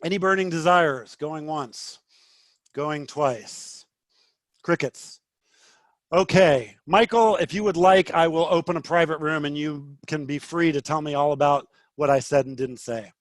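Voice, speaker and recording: A man runs an online trading class, firm and impatient with a student. His voice sits fairly high. It is recorded close, with no room sound. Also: measured pace, dry recording. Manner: blunt, impatient, rising to frustrated. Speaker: trading instructor. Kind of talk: live online teaching session.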